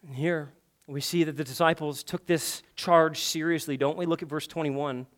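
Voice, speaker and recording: A man with a notably high voice preaching a sermon. He surges into loud, urgent appeals, then drops to hushed, intimate reflection. He peppers it with casual asides and rhetorical questions. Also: fairly even intonation, moderate pace. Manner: emphatic, swings between loud urgent passages and hushed intimate ones. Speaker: pastor.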